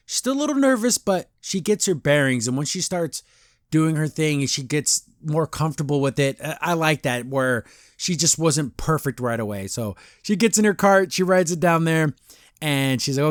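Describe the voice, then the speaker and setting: Chatty man with a fairly high voice. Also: moderate pace, dry recording, clean studio sound. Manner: rambling, animated retelling with acted-out quotes and frequent laughs. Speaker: podcast host reviewing a comic. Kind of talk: casual chat.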